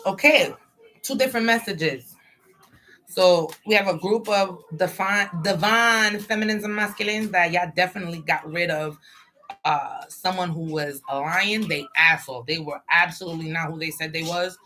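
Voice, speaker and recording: A woman reads tarot for a livestream audience in a bright, forward voice. She talks bluntly and streetwise and swears freely. She slips into preachy advice as she talks. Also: on the low side, moderate pace, slight background noise. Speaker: tarot reader.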